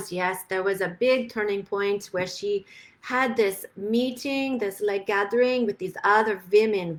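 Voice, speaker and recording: A tender female cosmic twin spirit, voiced by a woman, who talks in simple, broken English with a slightly high voice. She chats warmly and sympathetically as she tells a story, and her tone stays gentle throughout. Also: lightly acted. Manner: soft, sympathetic, chatty. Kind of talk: channeled spirit talk.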